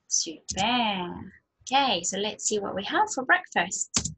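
A woman teacher giving a slow nursery language lesson, modelling words in a sing-song way for small children to repeat. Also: medium pitch, big pitch swings, a bit bright, husky. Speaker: French teacher.

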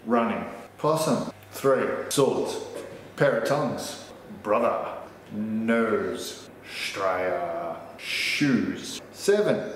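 A man reading a comic story aloud in a playful manner, giving deadpan one-word answers. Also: on the low side, drawn-out words, pauses often, a little hiss or hum. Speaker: comedian guest. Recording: echoey room, mic at a distance.

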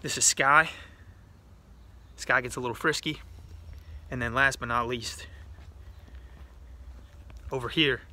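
Loud, boastful big-cat zoo owner played by a man, bright tone, phone-at-arm's-length vlog sound. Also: mid-range voice, steady tone, slow, long pauses. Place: outdoors on a home property. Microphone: phone held at arm's length.

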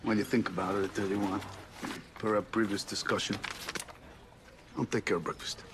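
A man's voice: lowish voice, little pitch movement, a little fast, noisy background, natural voice. A man playing a brash, swaggering debt collector. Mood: persuasive. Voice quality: swaggering, theatrical, swearing. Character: brash male debt collector, pushy and theatrical. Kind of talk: film drama dialogue.

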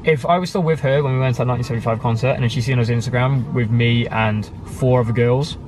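A man's voice: mid-range voice, fairly even intonation, quick pace, noisy background. A young man from the UK in a casual conversation about his life. He rambles, using many fillers and self-corrections. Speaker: guest sharing his story.

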